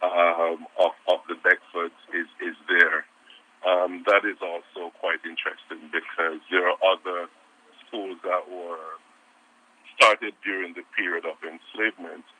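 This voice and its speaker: A man, a history professor, answering interview questions in a halting way with many repeated words. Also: sits low, level tone, slightly rough, phone-quality sound.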